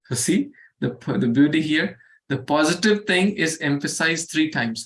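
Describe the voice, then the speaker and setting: A man teaching a scripture verse to a study group, going slowly, repeating words and asking the group questions. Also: a little high, lively intonation, fairly bright tone.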